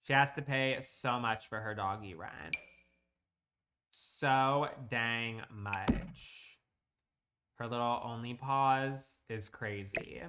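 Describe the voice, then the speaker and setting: A man's voice: mid-range voice, background noise. A man casually chatting on a live stream while he plays a building game, teasing and swearing freely at home.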